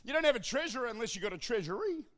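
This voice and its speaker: High-voiced preacher, impassioned. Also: male voice, very animated, racing. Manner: impassioned preaching, often shouting, with joking asides. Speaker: pastor. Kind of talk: sermon.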